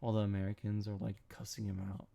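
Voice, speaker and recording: A man's voice: on the low side, little pitch movement, fast talker, gravelly, dark tone, lo-fi sound. A young man, sleepy, rambling and joking with his chat during a casual late-night stream. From Canada.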